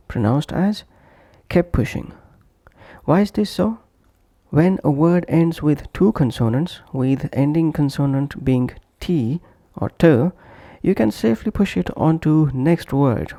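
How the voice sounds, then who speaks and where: Slow, gravelly man teaching pronunciation. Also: on the high side, warm tone, no room sound, studio quality. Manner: slow, deliberate, repeats example phrases for drill. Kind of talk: scripted instructional narration.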